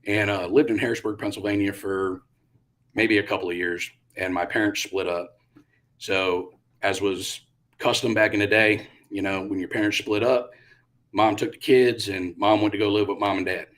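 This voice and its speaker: A man's voice: fairly low pitch, normal speed. A middle-aged man, a retired Army pilot, telling stories in a casual interview and acting out the quotes. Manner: animated, acts out quotes with bursts of loudness.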